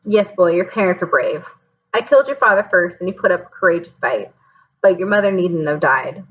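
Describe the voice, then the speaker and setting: A woman reading aloud, voicing a cold, cruel male dark lord in a menacing, commanding way. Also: on the low side, expressive, fairly quick, muffled recording, natural voice.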